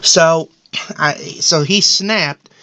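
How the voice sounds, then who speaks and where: A man's voice: on the high side, extremely slow, sharp tone, slight background noise, heavily acted. A man voicing a paranoid, boastful middle-aged cartoon dad in a rambling, self-important comedic monologue. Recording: dull lo-fi audio.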